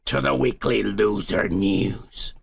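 A man's voice: fairly low pitch, slow pace, creaky, noisy background. A man hosting a podcast with crude, casual banter, swearing freely, teasing his co-host and laughing often. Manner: profane, teasing, laughs a lot.

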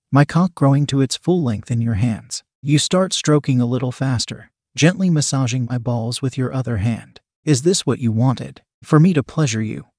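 A man calmly narrating a first-person erotic audio story in an intimate reading voice. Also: medium pitch, no room sound, studio quality.

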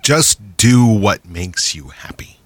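A man's voice: lowish voice, animated, slow pace, dry recording. A man hosting a casual podcast chat, ranting with lots of swearing and frequent laughter. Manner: profane, ranting, laughs often. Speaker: podcast host.

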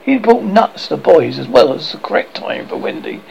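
A man reading a children's novel aloud, unhurried and with small slips and self-corrections. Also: sits high, sing-song, creaky, a little mellow, slight background noise, rough recording. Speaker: audiobook reader.

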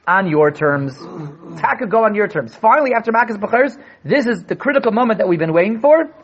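Emphatic man with a husky, high voice. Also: animated, fairly quick. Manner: emphatic, repeats words for stress. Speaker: rabbi giving a weekly Torah talk. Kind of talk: Torah class on the weekly portion. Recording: dull lo-fi recording.

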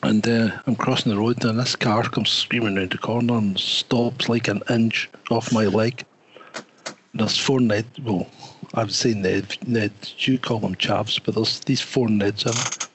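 A Scottish man in a casual podcast chat, a relaxed storyteller. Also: on the low side, measured pace, slight background noise, rough recording.

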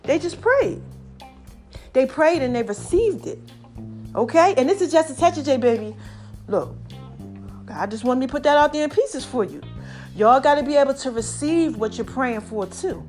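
A woman hosting a podcast with a raspy, slightly hoarse voice, preaching casually and calling her listeners "baby" and "y'all". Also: lively intonation, normal speed, pauses often, darkish tone, soft background music. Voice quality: raspy, deeper than usual. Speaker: podcast host. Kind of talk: casual motivational podcast monologue.

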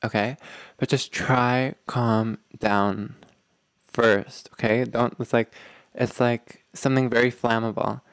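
A man's voice: medium pitch, level tone, slow, fairly bright tone, clean tone, no room sound. A man hosting a relationship advice talk, speaking earnestly and emphatically, often checking in with the listener and rambling with many fillers. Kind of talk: direct-to-audience advice talk.

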